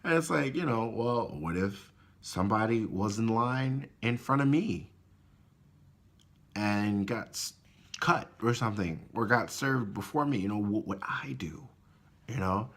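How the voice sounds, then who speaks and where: Animated husky man telling a story. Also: lowish voice, a little slow. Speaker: vlogger. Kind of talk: casual storytelling vlog.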